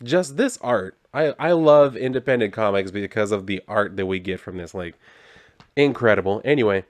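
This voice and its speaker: A man's voice: on the low side, animated, normal speed. A man casually reviewing comic books, swearing often as he talks.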